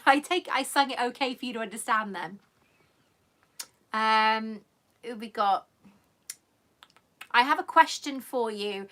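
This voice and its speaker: A woman's voice: high-pitched, pushed and bright. A woman hosting a live stream, chatting affectionately with viewers in a rambling, emotional way and coming close to tears. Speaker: channel host.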